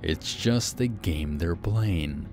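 A man voicing a stern, gruff father who keeps insisting, speaking slowly and heavily in an audiobook horror story. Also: sits low, expressive, music in the background, exaggerated voice. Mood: angry. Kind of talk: audiobook character voice.

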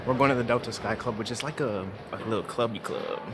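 A man's voice: mid-range voice, fast, over loud music. A young man talking in a casual, joking, slangy way as a travel vlogger.

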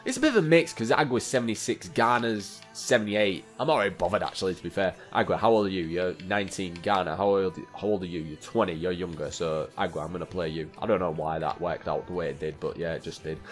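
A man's voice: low-pitched, fast talker, hardly any pauses, soft background music. A young man chatting and joking through football game commentary, often talking to the players on screen. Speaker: gaming YouTuber. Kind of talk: casual gameplay commentary.

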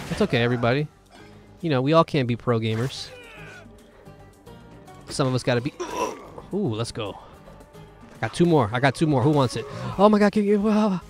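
An excitable man commentating live on a video game. He rambles and exclaims constantly in a mid-range voice, with faint game music running underneath. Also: mid-range voice. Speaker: gaming video host. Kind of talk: live gameplay commentary stream.

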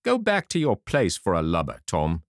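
A man doing a booming, bluff pirate innkeeper. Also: wildly swooping pitch, normal speed, no room sound, clean studio sound, heavily acted. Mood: stern. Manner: loud, bluff and commanding. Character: hearty one-legged pirate innkeeper, cunning, booming.

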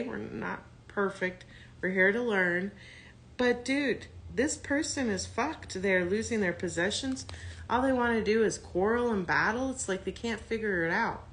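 A woman's voice: medium pitch, fairly bright tone. A woman doing a casual tarot reading to camera, blunt and profane, thinking aloud as she talks. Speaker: tarot reader.

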